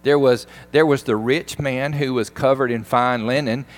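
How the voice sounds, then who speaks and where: A pastor giving a sermon, retelling a film scene in an animated, emphatic way. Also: male voice, medium pitch, normal speed.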